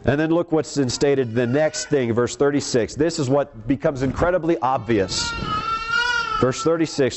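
Earnest man preaching a sermon. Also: background noise. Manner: reads scripture verses aloud, earnest and explanatory; slows for emphasis, varied pitch.

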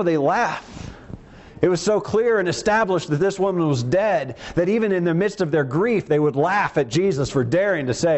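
A man's voice: fairly high pitch, normal speed, a little hiss or hum. A man preaching a teaching sermon in a conversational way, acting out the quoted lines in voices of their own.

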